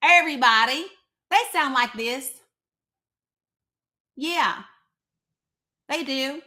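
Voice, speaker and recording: Bright, high-voiced East Tennessee woman. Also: lively intonation, measured pace. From Northeast Tennessee. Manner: blunt, profane, sarcastic. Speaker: live show host. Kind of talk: live political commentary.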